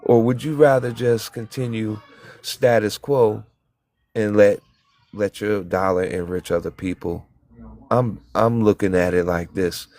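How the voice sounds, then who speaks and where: A man's voice: fairly low pitch, fairly even intonation, unhurried, darkish tone, no echo. A man in a heated group talk, preaching and telling stories with acted-out quotes and some cussing. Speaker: panelist. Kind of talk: impassioned group discussion.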